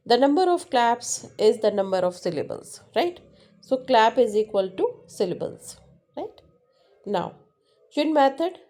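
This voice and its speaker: Indian english teacher lady, slow and careful, repeats words a lot. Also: on the high side, warm tone. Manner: explanatory, repeats words slowly, switches into Hindi. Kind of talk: classroom lesson.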